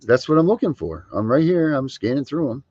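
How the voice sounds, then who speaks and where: A man's voice: mid-range voice, sing-song, fairly quick, a little mellow, slightly rough, no echo. A man on the show's call, speaking in a defensive, wry way over a dull, lo-fi line.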